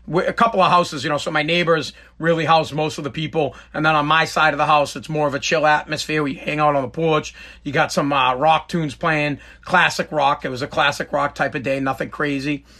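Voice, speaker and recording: A man hosts a talk show and tells a casual, meandering story. His voice is bright and sits a little high, and he keeps stopping to restart and correct himself. He livens up whenever he quotes other people. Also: a little fast, few pauses. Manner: rambling, with many restarts and self-corrections; animated when quoting others in the story. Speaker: talk show host reading viewer comments.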